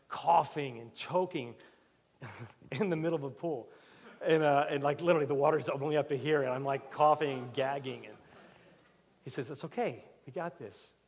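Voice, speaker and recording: A male pastor giving a sermon, telling a personal story with animated swings between loud and soft. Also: medium pitch. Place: church sanctuary. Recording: church hall with long reverb.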